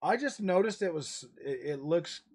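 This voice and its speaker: A man's voice: fairly high pitch, lively intonation, moderate pace, husky. Chatty, slangy male gaming streamer. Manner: rambling, says "dude" and "bro" often, swears casually; jokey, drops into mocking voices. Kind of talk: casual livestream chat.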